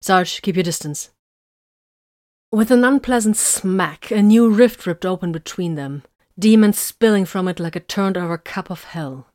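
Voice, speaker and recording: An audiobook narrator with a somewhat low voice reads a scripted fantasy action story in a steady, measured manner. The recording is close and dry, with no room sound at all.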